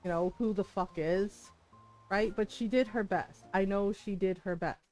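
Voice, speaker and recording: A woman's voice: mid-range voice, fairly even intonation, normal speed, darkish tone, soft background music. Frank, laughing woman streamer. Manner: frank, swears freely, laughs often, retells dialogue animatedly. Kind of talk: casual chat while gaming.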